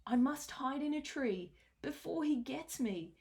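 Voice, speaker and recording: A woman's voice: high-pitched, animated, measured pace, darkish tone, pitched above the performer's own voice. A woman voicing a big, fretful male elephant in a storybook, squealing in panic and giggling. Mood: panicked.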